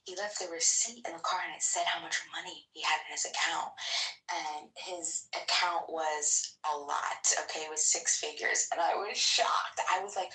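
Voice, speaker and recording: A woman with a lowish voice tells a personal story in casual, animated chat, often dropping into breathy half-whispers. She sounds far from the mic, in an echoey room. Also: moderate pace. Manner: animated, frequent fillers, drops into breathy whispers. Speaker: guest telling a story. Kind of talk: casual storytelling on social audio.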